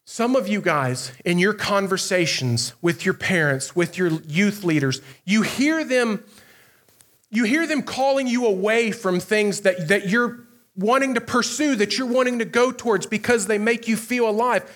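A man, a pastor, telling a funny story in a youth sermon, animated and often laughing, with quick asides to his listeners. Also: sits high.

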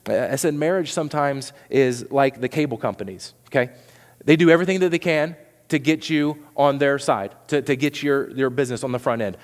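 Male pastor, mid-pitched, earnest sermon delivery, long hall reverb. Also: a little fast. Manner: earnest, repeats words when pressing a point.

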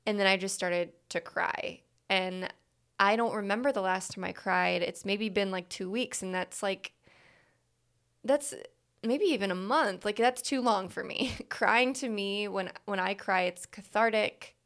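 Female host, reflective solo talk, lots of "like," gravelly yet smooth tone. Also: medium pitch, a little slow, fairly bright tone. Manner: candid, reflective, frequent "like" fillers. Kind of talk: candid personal monologue.

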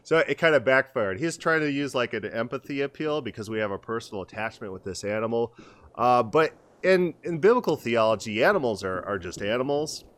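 A middle-aged man chatting on a casual podcast, winding through anecdotes with frequent restarts and false starts. His pitch sits in an ordinary middle range for a man. When he quotes people, he slips into their voices. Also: expressive, brisk, fairly bright tone. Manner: rambling storyteller with many restarts, acts out voices in quotes. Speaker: podcast co-host. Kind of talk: casual conversational podcast chat.

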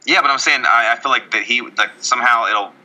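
A man co-hosting a casual baseball podcast, talking in a rambling, joking way full of stammered restarts. His voice is very bright and cutting, with the sound of a radio broadcast. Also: medium pitch, fairly quick, low-quality recording. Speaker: podcast co-host. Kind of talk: casual sports chat.

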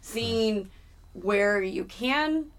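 Woman, musician guest, casual chat, relaxed, phrase ends trailing soft. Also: medium pitch, extremely slow.

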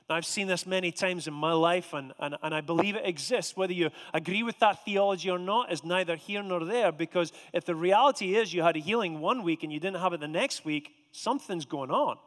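A man delivers a sermon in a high voice, moving between casual storytelling and slow, emphatic statements. His voice carries a long hall reverb. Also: fairly bright tone. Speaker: preacher.

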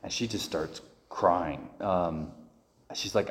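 A man's voice: sits low, slow, big-room sound. A man, a priest, delivering a conversational homily full of personal stories, with frequent restarts and fillers.

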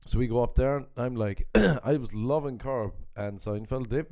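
Man, podcast host, casual chat, rambling storyteller, smooth resonant voice. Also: medium pitch, normal speed, dark tone. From Ireland. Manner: rambling storyteller, laughs often.

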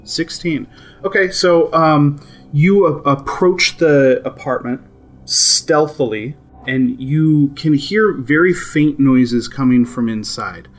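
A man running a tabletop game as game master, narrating in a relaxed, amused way with many fillers. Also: a little high, takes it slowly.

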